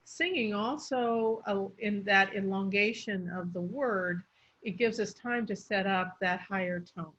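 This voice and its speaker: A woman's voice: medium pitch, measured pace, a bit bright. A woman speech coach teaching intonation, drawing out words to demonstrate stress, on a muffled lo-fi recording. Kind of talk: explanatory teaching.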